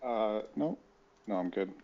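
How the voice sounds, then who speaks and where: A man's voice: fairly low pitch, animated, measured pace, muffled recording. A man playing a tabletop role-play game over voice chat, explaining his moves in a hesitant way with many fillers. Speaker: player.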